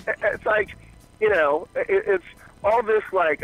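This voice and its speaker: A man's voice: high voice, unhurried, low-quality recording. A man calling in to a fan show, ranting about soccer coaching with heavy swearing and mocking asides. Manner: profane, animated ranting with mocking quoted voices. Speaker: caller. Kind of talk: casual sports rant.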